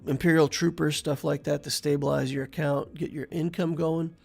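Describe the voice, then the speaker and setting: A man with a slightly higher voice and a gravelly, creaky edge talks through a game match in a relaxed, chatty way. He thinks out loud and speaks straight to the viewer. Soft music plays faintly underneath. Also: normal speed. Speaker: game channel host. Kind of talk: casual gameplay commentary.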